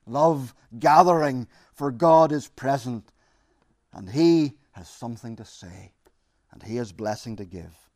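A man's voice: mid-range voice, a little slow, darkish tone, no echo, studio quality. A man preaching and then leading an earnest, emphatic prayer for his congregation.

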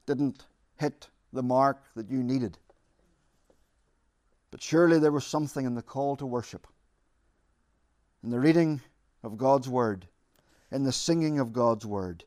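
A man's voice: mid-range voice, darkish tone, no echo, studio quality. A man preaching and then leading an earnest, emphatic prayer for his congregation.

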